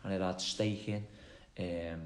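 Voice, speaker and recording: A man with a Liverpool accent chats easily as an interview guest, wandering through his answers. His voice sits a little low. The room around him is noticeably echoey. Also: fairly even intonation, unhurried. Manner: chatty, rambling answers. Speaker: football manager, guest. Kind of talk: casual interview chat.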